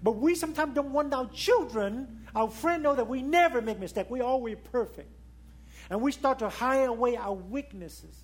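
Speaking English as a non-native speaker, a husky-voiced pastor preaches at a normal speed and keeps putting questions to his listeners. He builds to loud, high moments, then falls back into soft, low remarks.

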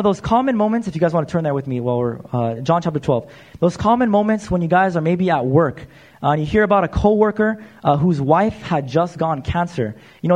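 A man with a high-pitched voice preaches in a church. He talks loosely and conversationally, with plenty of "uh" fillers, and keeps addressing the congregation as "you guys". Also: a little mellow. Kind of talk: sermon.

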